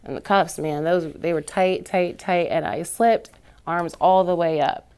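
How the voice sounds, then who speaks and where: Panel guest: woman, lowish voice, earnest storyteller who heats up as she retells. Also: steady tone, unhurried, smooth. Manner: earnest, builds from quiet to heated retelling. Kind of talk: personal story in a panel discussion.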